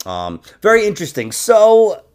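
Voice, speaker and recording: A man's voice: high-pitched, normal speed. A man hosting a podcast in loose, casual chat, swearing freely and getting worked up about sports. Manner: loose, swearing, excitable, laughs often. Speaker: podcast host.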